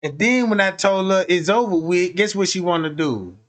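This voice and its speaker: A man streaming a comedic rant, telling profane, animated stories and acting out the scenes. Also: high voice, normal speed. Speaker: streamer commentator.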